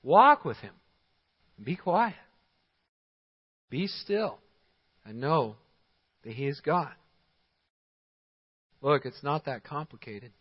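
A man's voice: on the high side, lively intonation, slow pace, long pauses, slightly rough. A man preaching a sermon as pastor, emphatic, giving short commands and chuckling at his own points. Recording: dull sound in a large hall with long reverb.

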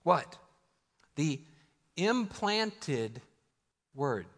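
Conversational pastor in a reverberant church. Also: male voice, a little high, very animated, drawn-out words, fairly bright tone. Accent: Midwestern American. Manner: conversational, laughing asides, acts out quoted prayers. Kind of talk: sermon. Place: church sanctuary. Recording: church hall with long reverb.

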